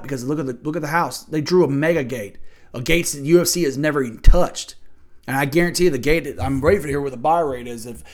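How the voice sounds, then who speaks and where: Profane, blunt man ranting as host. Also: on the high side. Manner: argumentative, asks rhetorical questions. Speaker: podcast host. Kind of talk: opinionated sports rant.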